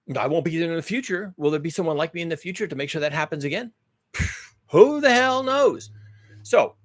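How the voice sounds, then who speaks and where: A man's voice: on the high side, a bit bright, no room sound. A man hosting his own channel, talking through big questions in a rambling, emphatic monologue full of rhetorical questions. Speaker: host. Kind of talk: casual monologue.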